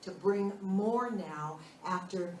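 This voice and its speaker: A woman's voice: mid-range voice, slow pace. Chatty older woman minister telling stories. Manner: chatty, animated storyteller. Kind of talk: casual storytelling in a spiritual talk. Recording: roomy hall with a distant mic and faint noise.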